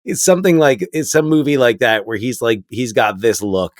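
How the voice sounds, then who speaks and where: A man chats on a movie podcast in a mid-pitched, easygoing voice. He rambles and keeps restarting his thoughts. His voice is dry and close to the mic. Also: expressive, normal speed, no echo. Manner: rambling, restarts sentences, laughs often. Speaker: podcast co-host, teacher. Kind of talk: casual movie podcast chat.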